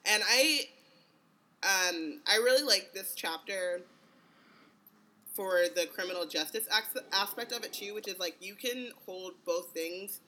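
Podcast co-host with a bright, forward voice. Casting a woman with slangy, jokey delivery. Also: mid-range voice, unhurried. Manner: animated, slangy, jokey asides. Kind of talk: casual chat.

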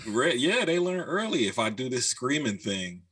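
Bright-toned man joking on a podcast. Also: medium pitch, normal speed, slightly rough. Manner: joking, profane, animated when riffing. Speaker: podcast co-host. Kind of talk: casual chat.

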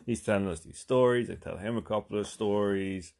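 A man's voice: lowish voice, brisk, creaky, a little mellow. A man telling a long casual anecdote, rambling and swearing with lots of fillers. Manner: rambling, profane, full of fillers. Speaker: storyteller.

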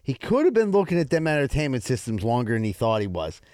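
Relaxed podcast co-host man, dry sound. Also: medium pitch, fast talker, clean tone, no echo. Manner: relaxed, chiming in with short remarks. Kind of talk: casual podcast banter.

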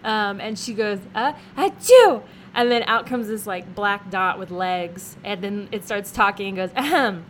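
A young woman co-host in casual chat, relaxed and giggly, introducing a comic she finds funny. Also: mid-range voice, slight background noise. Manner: relaxed, giggly, quick agreeing replies. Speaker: podcast co-host.

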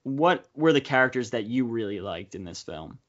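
A young man hosting a casual movie podcast, talking fast with quick asides. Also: mid-range voice, expressive, a bit bright. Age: young adult. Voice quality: chatty, quick asides, frequent laughs. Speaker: podcast host. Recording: slightly dull podcast audio.

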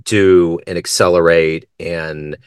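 A man's voice: deep voice, flat delivery, takes it slowly, clear, resonant tone, dry recording, clean studio sound. A man hosting a podcast interview, talking reflectively and asking his guest questions. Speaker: podcast host.

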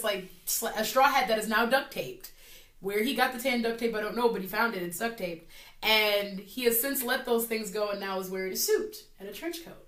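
A woman telling stories in a casual chat, animated and laughing often. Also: medium pitch, normal speed. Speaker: podcast co-host. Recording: echoey room.

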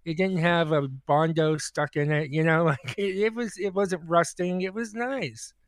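Hesitant, high-voiced man rambling. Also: no room sound. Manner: halting, repeats words and says "you know" often. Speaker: podcast co-host. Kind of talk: casual group banter.

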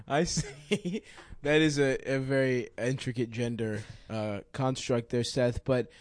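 A man's voice: medium pitch, takes it slowly, dry recording. A young man co-hosting a comedy podcast, questioning a guest in a dry, mock-formal way. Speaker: podcast co-host. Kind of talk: mock-serious interviewer banter.

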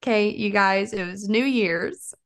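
A woman's voice: medium pitch, unhurried. A young woman co-hosting a podcast in casual chat, telling stories animatedly and laughing often. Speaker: podcast co-host.

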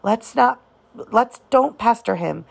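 A woman voicing a calm, reassuring older boy in a storybook reading, speaking in steady Southern dialect. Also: a little high, slow pace, gravelly, breathy edge, voice pushed up, heavily acted.

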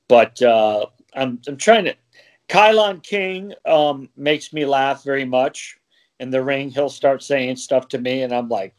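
A man who works as a wrestling referee, chatting casually on a podcast, laughing often and rambling with plenty of fillers. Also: on the high side.

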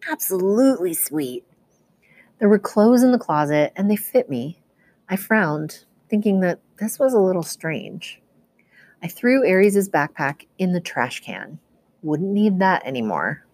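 A woman teacher reads a novel aloud in a lowish, even storytelling voice. She carries the first-person narration steadily from line to line. The sound is dry, close and free of room echo. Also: measured pace. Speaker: teacher reading to students.

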